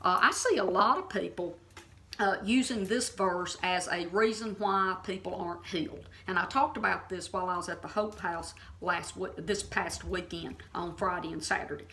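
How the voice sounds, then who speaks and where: Bright-voiced, blunt woman teaching the Bible. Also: lowish voice, normal speed. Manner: blunt and emphatic, keeps checking in with "okay?". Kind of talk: impassioned informal Bible teaching.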